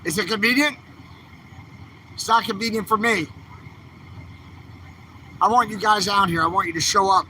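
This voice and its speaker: Outdoors on a city street, a livestreaming activist vlogger speaks to camera in a high, bright, forceful voice at normal speed, pausing often as he rants angrily and exhorts viewers. The low-quality recording has a little hiss or hum.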